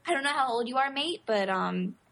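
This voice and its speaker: A woman's voice: a little high, lively intonation, fairly quick, creaky, fairly bright tone, slight background noise. A woman co-hosting a podcast in casual chat, chatty with lots of fillers. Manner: chatty, giggly, filler-heavy. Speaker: podcast co-host.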